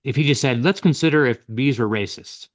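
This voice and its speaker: A man's voice: mid-range voice, brisk. A man co-hosting a podcast who asks follow-up questions. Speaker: podcast co-host. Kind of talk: podcast discussion. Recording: dull lo-fi audio.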